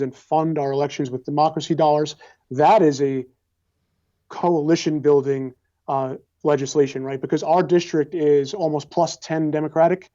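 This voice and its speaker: A man's voice: on the high side, dark tone. A young man answering as a congressional candidate in an interview, earnest and speechlike, with repeated phrases, on slightly dull lo-fi audio. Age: young adult.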